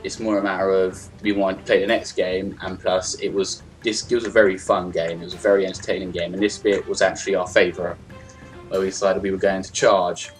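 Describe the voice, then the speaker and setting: A young man giving casual gameplay commentary as host, chatty and excitable, acting out reactions on a home computer mic. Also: low-pitched, a little fast. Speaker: gaming video host. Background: game music.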